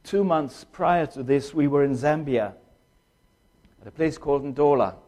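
An older man, a former pastor and missionary, giving a personal testimony in an emotional, halting way, in short phrases. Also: on the high side, mellow.

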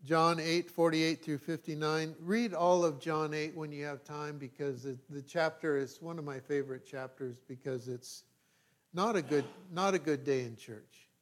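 A male pastor preaching a sermon. He reads scripture aloud with emphasis, then breaks into conversational asides and sudden quiet remarks. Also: fairly high pitch, steady tone, moderate pace.

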